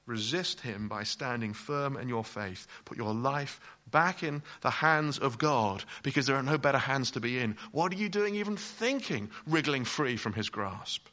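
A man's voice: medium pitch, moderate pace, few pauses, pushed and bright. A man preaching a sermon in an emphatic way, speaking directly to his listeners.

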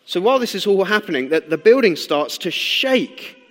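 A young man preaching a sermon in a conversational, animated way, asking the listeners questions as he explains and tells stories. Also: sits high, normal speed. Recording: long hall reverb.

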